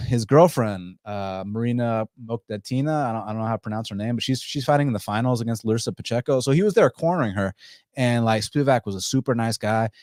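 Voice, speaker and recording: Man, deep-ish voice, casual and profane, repeats himself, dry recording. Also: darkish tone, dry recording. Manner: rambling, profane, with many restarts. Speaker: podcast host. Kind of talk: casual fight-betting talk.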